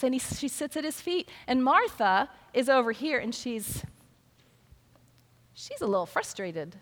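An older woman preaching a sermon, telling stories in a conversational way and acting out the voices of the people in them. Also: high-pitched. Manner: storytelling, conversational, acts out quoted voices. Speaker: pastor. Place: large church sanctuary. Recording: long hall reverb.

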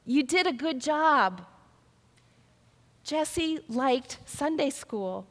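Extremely slow and animated, an older woman pastor preaches in a high-pitched, slightly bright voice, acting out the people in her conversational stories. Her sermon fills a large church sanctuary, and the recording has long hall reverb.

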